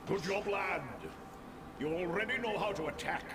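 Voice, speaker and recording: A man's voice: high-pitched, normal speed, natural voice. An actor playing a folksy old male mentor in a video game, coaxing and fatherly, calling the hero laddie. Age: older. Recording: game audio under loud noise.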